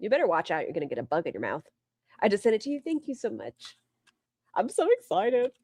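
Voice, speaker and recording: A woman's voice: on the low side, huge pitch swings, quick pace, darkish tone, husky, dry recording. Woman sarcastically reacting to a video. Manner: sarcastic, teasing asides to chat. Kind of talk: casual reaction commentary.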